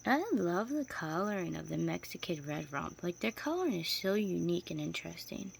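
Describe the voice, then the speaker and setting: A woman's voice: on the low side, sing-song, brisk, creaky. A woman chatting casually to camera about keeping tarantulas, rambling and restarting as she goes, and cooing to her spiders now and then. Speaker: tarantula keeper vlogger. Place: home room with spider enclosures. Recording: faint insect noise behind.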